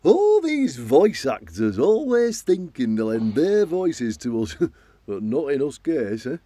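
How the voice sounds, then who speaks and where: A man's voice: mid-range voice, huge pitch swings, takes it slowly, dark tone, dry recording, voice pushed up, full character voice. A man voicing a pompous, boastful male god with a Yorkshire accent, who speaks of himself as "us". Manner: grand, says "us" for himself.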